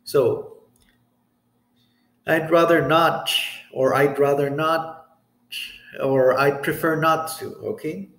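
A man teaching English grammar in a recorded lesson, reading example sentences slowly and checking in with "okay?". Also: on the high side, steady tone, a bit bright. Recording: echoey room.

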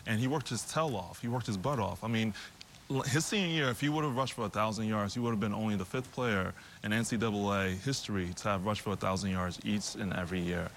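A man's voice: lowish voice, slight background noise. A man, a former player on a sports panel, speaking casually with many restarts. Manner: halting, with restarts and fillers.

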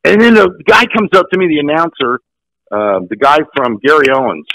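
A man in his sixties, an actor guest, telling profane, animated stories in casual chat. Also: a little high, brisk, no room sound, rough recording. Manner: profane, animated, acts out quotes. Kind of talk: casual storytelling.

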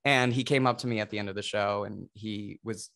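A man's voice: lowish voice, steady tone, a little fast, gravelly, a bit bright. Earnest man telling stories on a webchat. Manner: earnest, emotional storytelling. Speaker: Broadway actor, guest. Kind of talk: video call interview. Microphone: video call.

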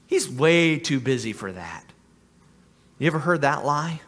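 Man, pastor, earnest sermon, fairly high voice, restarts words, long church reverb. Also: sing-song, a little slow, a bit bright. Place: church sanctuary.

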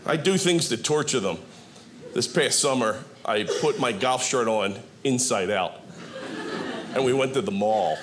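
A man in his fifties performing a stand-up comedy set on a theater stage, animated and acting out quoted voices. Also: mid-range voice, unhurried. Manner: animated, acts out quoted voices, shouts punchlines. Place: theater stage with live audience. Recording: stage mic with audible audience noise.

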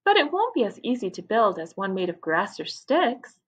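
Woman doing a sensible, determined young girl dassie, lively and husky. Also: mid-range voice, normal speed, dull audio.

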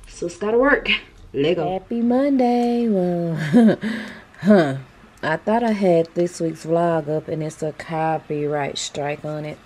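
A woman's voice: fairly low pitch, dark tone, a little hiss or hum. A woman hosting her own vlog, chatting casually and informally to the camera as she goes about her day. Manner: chatty, informal, Southern-style slang. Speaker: vlog host.

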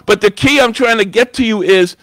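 Male preacher, high-pitched, dry close sound, conversational sermon. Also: fairly quick, a bit bright, no room sound. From New York. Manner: conversational preaching with frequent "you know". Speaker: guest preacher. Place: church.

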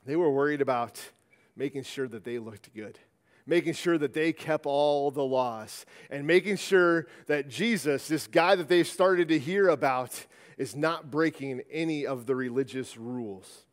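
A man's voice: on the high side, unhurried. A man preaching a sermon in a church sanctuary, in a conversational style that often restarts and repeats words. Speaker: pastor. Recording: long church-hall reverb.

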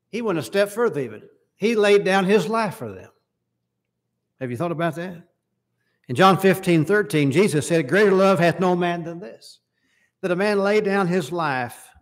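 A man preaching a sermon in a church service, reading scripture passages aloud and asking the congregation questions. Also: a little high. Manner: reads scripture aloud in King James wording, asks the hearers questions.

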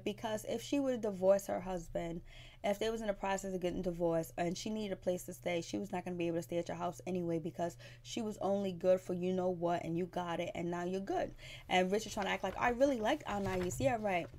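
A woman's voice: fairly low pitch, fairly even intonation, a little fast, a little mellow. A woman, casually recapping a reality show, blunt and gossipy, acting out the cast's lines in sassy voices.

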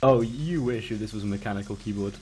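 A man's voice: fairly low pitch, a little fast, darkish tone. Casual male co-commentator. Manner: casual, laughing banter. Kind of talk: live game commentary.

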